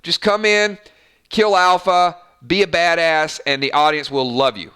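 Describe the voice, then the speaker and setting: A man's voice: on the high side, measured pace, clean tone. A man from Georgia with a light Southern accent, hosting a casual, rambling fan chat and often repeating himself. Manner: rambling, repeats words, animated. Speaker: channel host.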